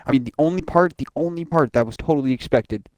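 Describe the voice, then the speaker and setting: A young man hosting a casual podcast, talking excitedly and swearing often, acting out game scenes in quick voices. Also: on the high side, dry recording. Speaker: podcast host. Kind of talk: casual chat.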